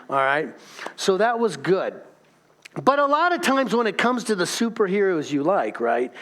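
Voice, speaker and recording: A man's voice: high-pitched, fairly bright tone. A middle-aged man preaching a casual, joking sermon as pastor, chatting directly with the congregation.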